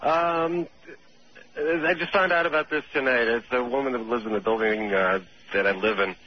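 A man's voice: medium pitch, moderate pace, slightly rough. Hesitant man in his forties calling in. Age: 40s. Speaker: caller. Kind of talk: phone-in caller. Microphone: telephone. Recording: dull radio phone-in audio.

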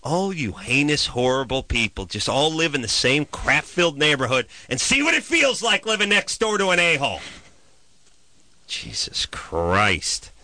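Sarcastic guy going off on his neighbors, bright voice, jumps all over. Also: on the high side, very animated, moderate pace, no echo. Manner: profane, exasperated, sarcastic. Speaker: podcast host. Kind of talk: comedic ranting storytelling.

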